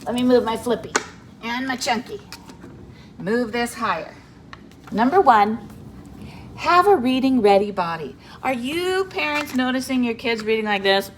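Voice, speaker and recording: Woman teacher, kids' video lesson; animated sing-song delivery, gravelly edge, light background noise. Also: a little high, moderate pace. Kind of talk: video lesson for young children.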